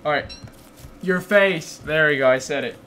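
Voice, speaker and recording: A man streaming gameplay, chatting casually with goofy, teasing banter and sudden excited outbursts. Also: fairly high pitch, normal speed, slight background noise. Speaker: game streamer.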